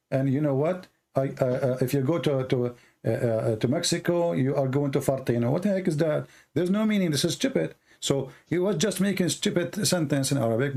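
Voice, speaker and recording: A man's voice: fairly high pitch, vocal fry, darkish tone. A man hosting a heated debate, pressing and mocking his opponent with sarcasm. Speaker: debate show host.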